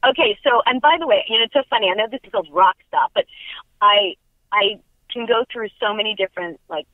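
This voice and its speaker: A middle-aged woman from Long Island, a guest actress, chats upbeat and laughs often in a phone interview. Her voice is medium-pitched and quick, and the dry recording comes through a telephone on a tinny line.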